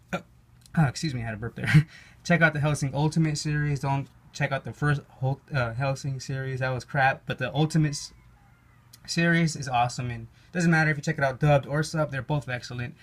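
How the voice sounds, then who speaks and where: Here a young Mexican American man, host of a card game channel on YouTube, tells a loose monologue about things he's been through. He meanders with plenty of fillers, curses, and laughs often, in a medium-pitched voice that's a bit bright.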